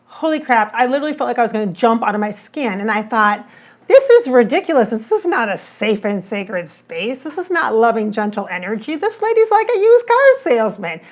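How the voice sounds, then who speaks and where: A woman who works as a psychic medium, telling a story on a casual livestream and acting out her own remarks. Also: fairly high pitch. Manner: animated, acts out her own remarks in the retelling.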